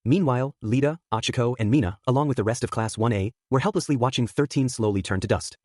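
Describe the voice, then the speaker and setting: A man narrating a fan fiction story aloud in a brisk, expressive way. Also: mid-range voice, no echo, clean studio sound.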